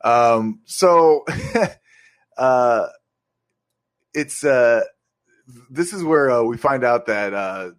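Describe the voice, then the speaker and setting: A man's voice: medium pitch, animated, drawn-out words, pauses often. Profane laid-back male podcast host. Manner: profane, laughing retelling of scenes. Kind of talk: casual movie review chat.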